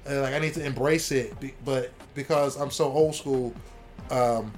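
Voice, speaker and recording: A middle-aged man who works as a comic artist, talking casually in a rambling, profane, animated way. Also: mid-range voice, moderate pace, soft background music. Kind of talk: casual chat.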